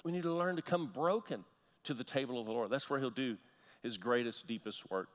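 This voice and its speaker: A man preaching a sermon as pastor, telling a story and slowly repeating key phrases for emphasis. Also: mid-range voice. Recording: long hall reverb.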